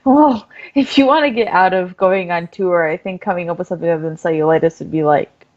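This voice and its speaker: A woman co-hosting a casual chat, giving calm, brief replies. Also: fairly low pitch, brisk, dull audio. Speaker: co-host.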